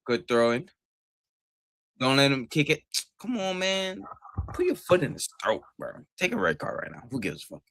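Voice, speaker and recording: A man watching a soccer match and reacting live, profane and swinging from shouted outbursts to low muttering. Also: very animated, normal speed, creaky, long pauses, no room sound, studio quality.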